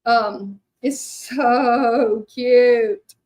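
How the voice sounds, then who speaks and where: A woman's voice: a little high, steady tone, very slow, a little mellow. A middle-aged woman from Louisiana with a Southern accent, chatting casually with viewers while crafting, rambling with many fillers. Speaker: hand-lettering artist. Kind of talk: casual craft livestream chat.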